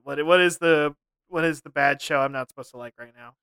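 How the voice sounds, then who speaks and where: A man's voice: a little high, fairly quick, bright, forceful tone, smooth, no echo. A man co-hosting a comedy podcast, laughing often and ranting in mock seriousness. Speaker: podcast co-host. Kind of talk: casual comedy chat.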